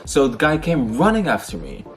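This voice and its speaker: Here his voice sits mid-range, swooping wildly in pitch at a moderate pace. The young man from the Netherlands is vlogging, recounting his own experiences to camera bluntly and passionately, with plenty of slang and profanity.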